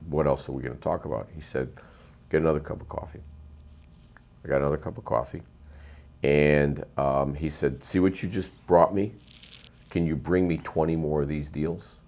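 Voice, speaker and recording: With a bass voice and a darkish tone, this middle-aged man, who invests in real estate, rambles through lengthy stories during an interview. He's emphatic and constantly says um and uh.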